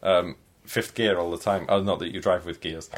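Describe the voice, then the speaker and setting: Animated man guest. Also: low-pitched, moderate pace. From Yorkshire, England. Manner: animated, self-deprecating storyteller. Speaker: guest, performer. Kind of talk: casual interview chat.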